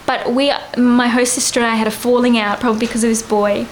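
An Australian woman in her thirties, with a high, bright voice and a level tone, rambles quickly through an anecdote as a guest in a casual chat. She giggles constantly between lines, and the rough recording carries a faint hiss behind her.

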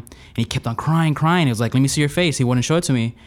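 A man's voice: mid-range voice, rapid-fire. Rambling young man telling a story. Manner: rambling, many restarts, animated retelling. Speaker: storyteller guest. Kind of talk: casual personal storytelling.

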